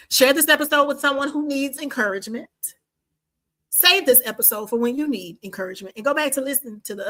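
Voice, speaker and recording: A woman's voice: a little high, pushed and bright. A woman in her fifties from the American East Coast, hosting a podcast, chatting animatedly, repeating phrases for emphasis and closing with a fervent prayer. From Washington, D.C. and the Carolinas, USA. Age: 50s. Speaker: podcast host. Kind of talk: casual podcast outro and prayer.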